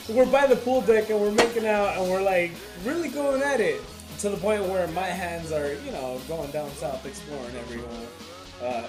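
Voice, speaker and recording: A man's voice: high voice, poor audio. A man co-hosting a podcast, telling a crude dating story in loose casual chat, full of "like". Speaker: podcast co-host.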